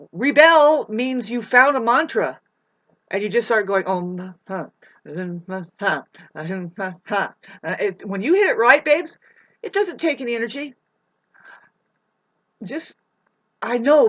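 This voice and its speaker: A woman's voice: medium pitch, no echo. A woman rambling through a casual vlog monologue, drifting between topics, chanting wordless syllables and swearing now and then. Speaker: self-styled influencer. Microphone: webcam.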